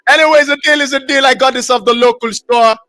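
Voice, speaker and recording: Man, live-stream host, excitable slangy chat, repetitive, very high bright voice. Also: fast talker, soft background music. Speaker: livestream host.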